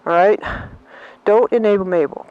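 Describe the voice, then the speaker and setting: A woman's voice: medium pitch, moderate pace, phone-quality sound. A woman vlogger chatting indignantly while riding a motorcycle on the road, in a casual rant. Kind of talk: ranting casual monologue. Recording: loud road and engine noise.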